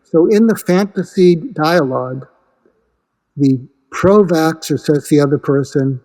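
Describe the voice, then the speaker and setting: An earnest male guest speaking in a fairly high voice. He explains by acting out imagined conversations and often restarts his sentences. Long reverb trails behind his voice. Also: unhurried, a little mellow. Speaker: guest, suicide prevention expert. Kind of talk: conversational explanation with acted-out dialogue.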